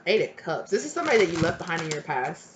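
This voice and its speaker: A woman's voice: fairly low pitch, big pitch swings, fast talker, noisy background. A woman giving a casual tarot reading to her viewers, chatty and blunt, swearing freely and rambling as she goes. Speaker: tarot reader.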